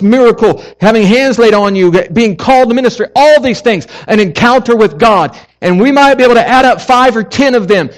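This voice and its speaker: Male pastor, high voice, fervent and chatty from the pulpit. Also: poor audio. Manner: passionate, conversational preaching with casual asides. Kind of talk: sermon.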